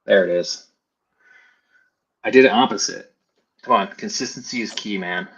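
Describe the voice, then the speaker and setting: A man's voice: lowish voice, moderate pace, slightly rough, highs cut off. A man teaching a casual screen-share tutorial, thinking aloud as he builds. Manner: thinks aloud while building, talks to himself. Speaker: FlutterFlow trainer.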